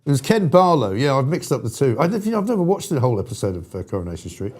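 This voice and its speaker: A man's voice: medium pitch, sing-song, very fast, darkish tone. A man hosting a talk show, bantering playfully and mocking himself with a chatty, loose delivery. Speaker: radio talk show host. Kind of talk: jokey studio banter.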